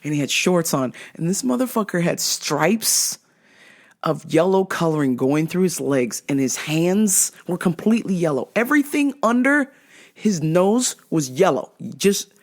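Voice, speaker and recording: A woman hosting her own show and telling a story in a casual monologue. She is blunt and swears freely, and her voice swings a lot in pitch as she talks. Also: measured pace. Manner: profane, blunt and animated. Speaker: podcast host.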